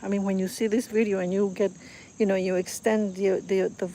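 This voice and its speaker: A woman's mid-range, dark voice moves quickly with little pitch variation as she films her outdoor garden on a phone for a casual vlog. She rambles with fillers and gushes over the flowers, with slight background noise and crickets and insects around.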